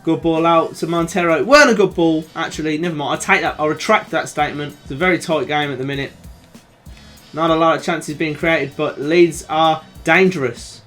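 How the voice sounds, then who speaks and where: A young man with a Birmingham accent talks his viewers through a football video game in a high, bright voice. He shifts from easy chat to loud, excited shouts when a chance comes. Faint game music plays under his voice. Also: a little fast. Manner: excitable, swings from calm chat to shouting at goals. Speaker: gaming YouTuber. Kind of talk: live commentary over a football video game.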